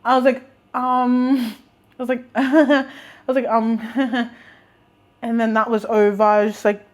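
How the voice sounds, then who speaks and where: A young woman in her twenties telling stories in a chatty, animated, slangy way, with laughs and restarts. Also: a little high, unhurried. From Australia. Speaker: vlogger. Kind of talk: casual storytime.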